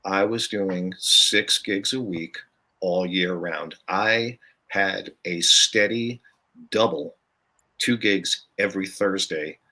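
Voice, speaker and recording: A man's voice: low voice, slow, bright, forceful tone. An older man, a guest musician, telling stories in a casual podcast chat and laughing often. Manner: chatty, storytelling, laughs often.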